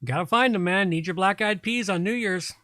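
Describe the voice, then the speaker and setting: A man's voice: sits high, fairly quick, pushed and bright, no echo. A middle-aged man with a faint Southern US accent hosting a live stream in casual chat, a bit tipsy, jovial and rambling. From Southern United States. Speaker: stream host.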